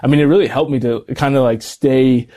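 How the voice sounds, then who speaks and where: Fast-talking young man, mellow voice. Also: mid-range voice. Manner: quick, animated storytelling with casual slang. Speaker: guest. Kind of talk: casual conversation.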